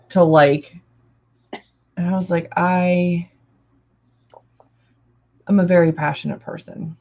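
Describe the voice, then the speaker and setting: A woman hosting a casual live-stream chat, her pitch leaping around as she acts out quotes with big energy. Her voice sounds a little worn from long streaming. The sound is dull and lo-fi. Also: takes it slowly, vocal fry, long pauses. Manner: animated storyteller, acts out quotes loudly. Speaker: host.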